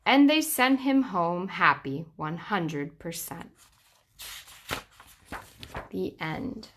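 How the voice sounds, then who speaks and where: A young woman reads a rhyming children's story aloud, taking her time and leaning into the rhythm. Her voice is bright and clear, with a lilting, sing-song flow. She lets the ends of lines fall low for effect. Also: sing-song. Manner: slow, sing-song rhyming delivery with dramatic drops. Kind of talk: children's book read aloud.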